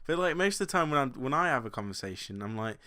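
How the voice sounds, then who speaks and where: A man's voice: mid-range voice, lively intonation, quick pace, pushed and bright. A young man from the UK, co-hosting a podcast and telling rambling, self-deprecating stories with a lot of laughing. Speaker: podcast co-host. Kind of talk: casual chat.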